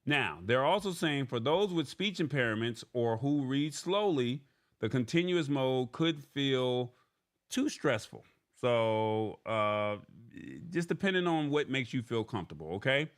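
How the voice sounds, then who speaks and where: A man's voice: mid-range voice, expressive, a little slow. Chatty man hosting a casual tech stream. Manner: chatty, repeats "all right?" often; reads from an article and paraphrases it. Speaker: tech show host.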